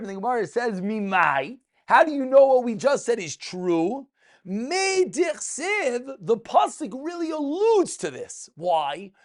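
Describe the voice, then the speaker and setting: A man, a rabbi teaching a daily Talmud class, who asks questions and answers them himself and repeats the key points in a sing-song study-hall cadence. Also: high-pitched. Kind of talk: animated Talmud lesson.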